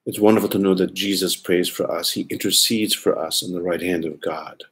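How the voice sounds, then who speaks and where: A man's voice: low-pitched, fairly even intonation, a little fast, a bit bright, husky. A man preaching a sermon lecture, earnest and pleading, often repeating words for emphasis.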